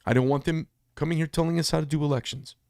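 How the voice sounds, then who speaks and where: A man's voice: a little high, steady tone, fast talker, vocal fry, darkish tone, no room sound, studio quality. A man and business owner giving a blunt, heated casual monologue, telling a story with asides. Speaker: business owner talking to camera.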